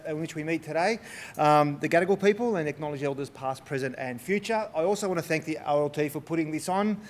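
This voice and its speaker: A man giving a humorous, self-deprecating conference talk on stage in a large hall, full of restarts and asides. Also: on the high side. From Australia. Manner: lively, joking, self-deprecating, many restarts. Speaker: conference speaker.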